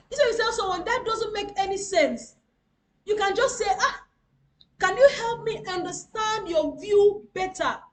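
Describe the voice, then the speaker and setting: Very high-voiced, slow woman lecturing. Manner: emphatic, repeats key phrases, addresses audience directly. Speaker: webinar speaker. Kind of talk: motivational webinar lecture. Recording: roomy echo.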